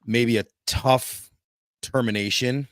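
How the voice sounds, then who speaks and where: A man's voice: medium pitch, steady tone, slow pace, fairly bright tone, no room sound, clean studio sound. A man hosting a podcast, rambling and hunting for words as he builds up to a question. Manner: rambling, searching for words before asking. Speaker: podcast host. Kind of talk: casual interview talk.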